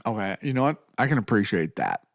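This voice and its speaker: Male whiskey-show host, lively pitch swings, profane and jokey, dry close sound. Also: fast talker, gravelly, no echo. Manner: loose, profane, joking. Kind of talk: casual tasting chat.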